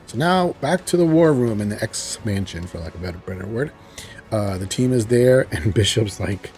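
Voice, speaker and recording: A man's voice: fairly low pitch, animated, brisk, a little mellow. Laid-back man recapping a TV episode. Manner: laid-back, chuckling, loosely paraphrasing dialogue. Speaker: TV show reviewer.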